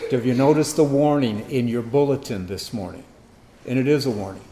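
A man's voice: mid-range voice, fairly quick, background noise. A man preaching a sermon as pastor, reading scripture with emphatic, dramatic stress.

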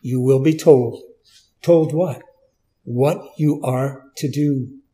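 A man's voice: mid-range voice, takes it slowly, dark tone. A man preaching a Bible teaching in a conversational way, asking the listeners questions and stressing key words.

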